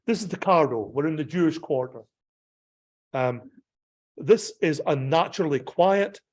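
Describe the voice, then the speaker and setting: A man's voice: fairly high pitch, animated, measured pace, darkish tone. Male pastor giving a casual slide talk. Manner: conversational, with frequent fillers and self-corrections. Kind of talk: illustrated travel talk.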